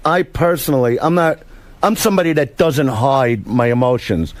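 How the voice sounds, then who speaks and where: A man's voice: fairly high pitch, a little mellow, dry recording. Rambling, emotional male comedian, dry studio. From United States. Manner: emotional, rambling, frequent restarts. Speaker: guest comedian. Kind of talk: casual studio chat.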